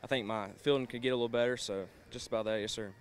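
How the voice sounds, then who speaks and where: A young male baseball player answering politely in a relaxed way, his voice trailing off. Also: mid-range voice, racing. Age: young adult.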